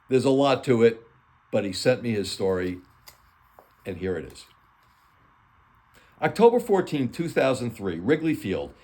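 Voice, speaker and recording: A man's voice: medium pitch, darkish tone. A man hosting his channel as an author, reading stories aloud in a plain, earnest way.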